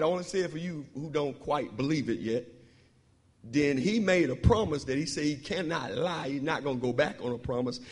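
High-voiced man preaching in an echoing hall. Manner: emphatic call-and-response preaching, swinging from loud to hushed. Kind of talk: sermon. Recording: long hall reverb.

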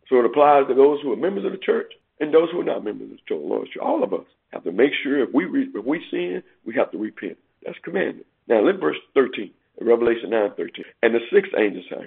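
A man preaching a sermon, emphatic, repeating phrases and rising sharply in pitch to stress his points. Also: big pitch swings, quick pace, gravelly, few pauses, breathy edge. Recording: tinny phone-like radio broadcast.

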